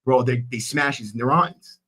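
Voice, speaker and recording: A man hosting a podcast, telling animated stories in casual chat, swearing and jumping into a higher voice for quotes. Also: a little slow, slightly rough. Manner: animated storyteller who acts out quotes in a raised voice, swears freely.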